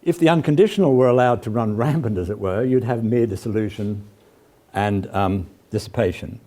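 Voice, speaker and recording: Low, mellow-voiced older man lecturing. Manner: measured and halting, with frequent "uh" and rising emphasis on key words; reads quotations aloud in a stressed tone. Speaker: law professor giving a lecture. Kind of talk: academic lecture.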